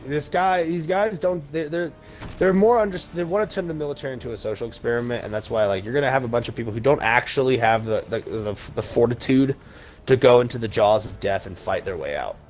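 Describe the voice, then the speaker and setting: A man's voice: mid-range voice, a little fast, darkish tone, a little hiss or hum. A young man hosting a podcast, ranting heatedly with emphatic insults while chatting casually over a video game. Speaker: podcast host.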